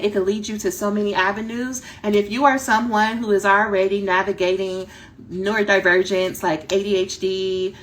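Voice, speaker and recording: A woman dissertation coach giving a direct, animated talk that acts out her students' inner voices. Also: medium pitch.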